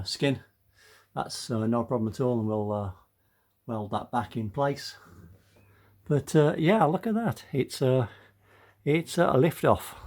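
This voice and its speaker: A man's voice: mid-range voice, a little mellow. An older man narrating his own car repair in a casual workshop vlog, out of breath, speaking to his viewers with many fillers. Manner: chatty, many uh fillers, addresses viewers as guys. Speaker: car restoration vlogger.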